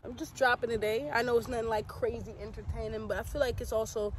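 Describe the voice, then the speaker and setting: A woman's voice: a little high, fairly even intonation, fast talker. A young woman vlogging outdoors in nature, chatting playfully and straight to her viewers. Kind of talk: casual chat to camera. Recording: outdoor camera audio with clear background noise.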